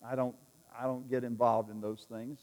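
A man's voice: medium pitch, little pitch movement, moderate pace, darkish tone, big-room sound, pitched below the performer's own voice, lightly acted. A man preaching voices an imagined father who offhandedly waves off getting involved. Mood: dismissive. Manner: shrugging, offhand. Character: dismissive uninvolved father, middle-aged man.

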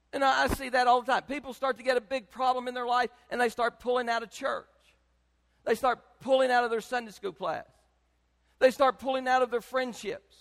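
An older man, preaching a sermon as pastor, emphatic and swinging between loud and soft. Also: extremely high pitch, moderate pace, gravelly, long reverb tail.

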